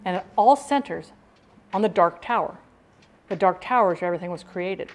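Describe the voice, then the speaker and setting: A woman's voice: fairly low pitch, expressive, brisk. A woman vlogging in a rambling, talkative casual chat that jumps between thoughts.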